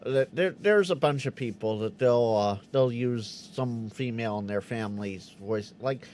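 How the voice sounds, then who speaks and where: A man hosting a casual live Q&A stream, reading out chat questions and answering them with quick restarts. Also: medium pitch, a little hiss or hum. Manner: animated, stammering restarts, acts out quoted voices.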